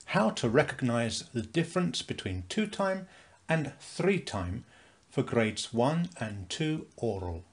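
Slow, lively British male music tutor. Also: medium pitch. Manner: slow, clear, counting beats aloud with stress. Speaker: music teacher. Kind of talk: scripted instructional narration.

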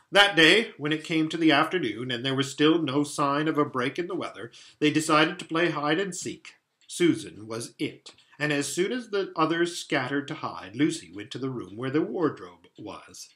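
Man reading aloud, bright, lively, expressive storyteller. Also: medium pitch. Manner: expressive, animated narration. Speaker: storybook reader.

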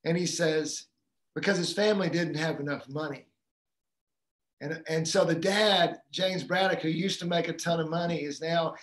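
Casting note: man, fairly high voice, halting storyteller with lots of ums, recorded in an echoey room. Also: a bit bright. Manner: storytelling, retells a film scene with acted quotes; halting, many fillers and restarts. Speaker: guest speaker on fathering. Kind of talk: casual talk on a live community call.

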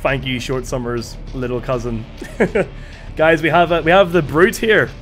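A man commentating a live game stream with excitable energy and a slightly strained voice, thanking viewers as he goes. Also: mid-range voice, a little slow, faint music behind.

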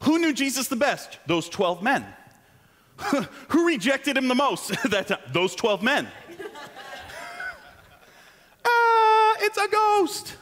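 A man preaching a sermon in a church, animated and joking, with self-deprecating asides. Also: very high voice, a little slow, in a large hall. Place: church sanctuary.

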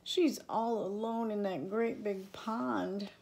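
An older woman voicing a small shy little girl turtle, soft and pleading. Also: medium pitch, steady tone, slow pace, vocal fry, pitched above the performer's own voice. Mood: soft, sad.

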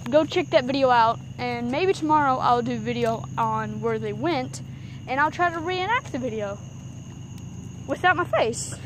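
A woman's voice: high voice, normal speed. A teenage girl chatting casually and rambling as she vlogs outdoors in the countryside. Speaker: vlogger. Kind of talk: casual vlog chat. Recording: phone recording outdoors with background noise.

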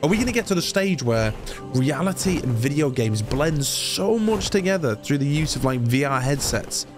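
Man from England, lively rambling gameplay chatter, swears casually, music underneath. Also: fairly high pitch, moderate pace. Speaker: gaming YouTuber.

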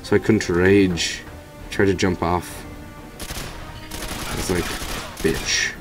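A man's voice: deep voice, little pitch movement, slow, over music. A man giving rambling let's play commentary over a video game, swearing casually at it. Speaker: gamer commentator.

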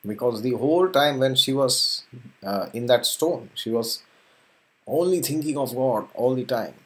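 A man's voice: mid-range voice, a little slow. A man teaching a spiritual lesson by retelling a scripture story, chuckling often as he goes. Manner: chuckles often, animated retelling with acted quotes.

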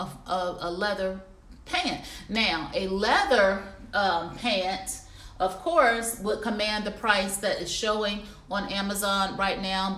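A woman's voice: medium pitch, a bit bright, reverberant. A woman hosting a livestream, reviewing clothes in a chatty, casual way and calling viewers y'all. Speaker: livestream shopping host. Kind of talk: casual live product review. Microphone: phone or computer livestream.

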